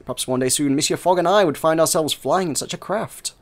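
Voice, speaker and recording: Hearty booming male exhibitor, fairly high voice, as a man reads him. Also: brisk, natural voice.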